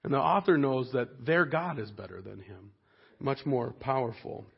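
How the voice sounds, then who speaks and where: A man preaching a sermon in a conversational way, growing animated when he voices the people in the story. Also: medium pitch, moderate pace, creaky, breathy edge, muffled recording. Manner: conversational, animated when voicing quoted figures. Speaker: pastor.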